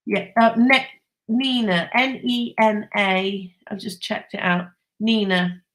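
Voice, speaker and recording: A woman's voice: a little high, a bit bright. A woman, chatting casually with live viewers, enthusiastic and laughing often. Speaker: host.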